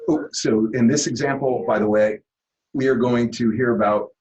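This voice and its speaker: A man giving a classroom lecture, explaining at a relaxed pace with lots of "uh" fillers. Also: mid-range voice, moderate pace, dull audio.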